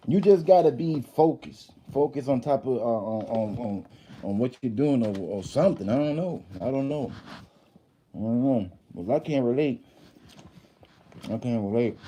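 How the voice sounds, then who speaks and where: A man's voice: medium pitch, mellow, a little hiss or hum. A man in his thirties hosting a casual livestream, telling stories and reading viewer comments, rambling with frequent restarts and fillers. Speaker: livestream host.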